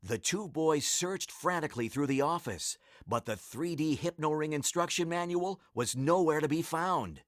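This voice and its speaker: A man narrating a children's storybook aloud in a slow, expressive way. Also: on the high side, dry recording, studio quality.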